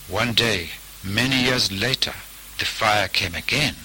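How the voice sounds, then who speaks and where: A man telling a folk tale as storybook narration, in a measured way. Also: lowish voice, pushed and bright, a little hiss or hum, rough recording.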